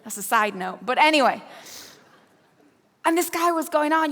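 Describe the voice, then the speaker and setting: Bright, high-voiced English woman in her fifties. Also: animated, normal speed, long pauses. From Yorkshire, England. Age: 50s. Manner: storytelling, self-deprecating humor. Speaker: conference speaker. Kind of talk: motivational keynote talk. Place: event stage. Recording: echoey hall.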